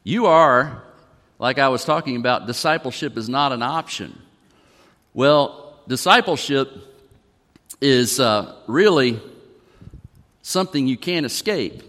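With a medium-pitched, fairly bright voice and lively intonation, a pastor preaches unhurriedly, pausing often. His sermon in the church sanctuary is folksy and conversational, including song lyrics read aloud, and the recording carries the long reverb of the hall.

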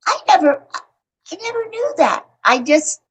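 A woman's voice: very high-pitched, big pitch swings, measured pace, lo-fi sound, a little hiss or hum. A woman in her eighties, a veteran actress, chatting as an interview guest and telling stories with frequent restarts. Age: 80s. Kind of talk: casual interview chat.

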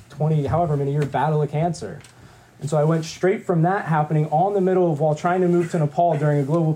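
A man's voice: on the high side, mellow. A man in his twenties giving a candid personal testimony to a group, acting out dialogue and joking at his own expense. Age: 20s. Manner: candid storytelling with quoted dialogue and self-deprecating humor. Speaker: guest speaker.

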